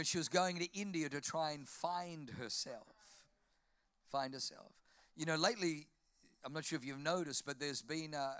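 A man with an Australian accent preaching a sermon, telling jokey stories in an animated way. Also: medium pitch. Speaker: pastor.

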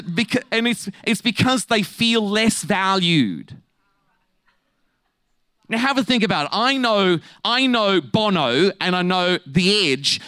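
A male preacher delivers a lively sermon full of jokes and quick asides. His voice sits a little high and keeps shifting between playful bursts and slower, weightier points. The recording is dry, with almost no room sound. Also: clear, resonant tone, no echo. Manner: humorous, animated, quick asides with laughs.

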